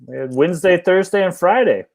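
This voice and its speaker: A man's voice: sits high, animated, fairly quick, creaky. A man co-hosting a live fan show over a video call, teasing his friend. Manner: teasing, ribbing the host. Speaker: co-host. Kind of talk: casual live-stream chat.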